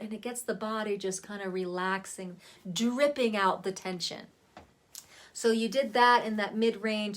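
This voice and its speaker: A woman coach talks viewers through vocal warm-ups in a relaxed, chatty way. Her voice sits at an ordinary middle pitch. She speaks to the camera from a seat at home. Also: moderate pace. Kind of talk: casual spoken voice lesson.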